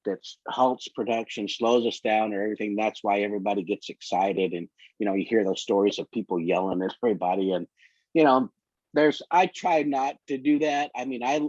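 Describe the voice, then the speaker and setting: A man's voice: medium pitch, a little fast, darkish tone, no room sound. A man telling long, winding work stories as a guest in a casual interview. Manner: rambling, long winding anecdotes. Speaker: photographer guest. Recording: dull lo-fi dry sound.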